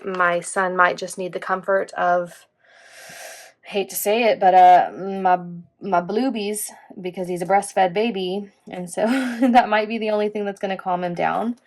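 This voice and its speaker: A woman's voice: medium pitch, creaky. A young woman, chatting casually and rambling as she plans in her vlog. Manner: chatty, rambling, says "like" often. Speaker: planner vlogger. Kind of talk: casual chat while planning.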